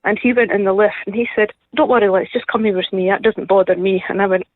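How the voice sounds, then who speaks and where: Lady calling in, soft and hesitant, dry tinny phone sound. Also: medium pitch, fairly even intonation, fast talker, dry recording. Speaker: caller. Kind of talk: phone call to a talk show.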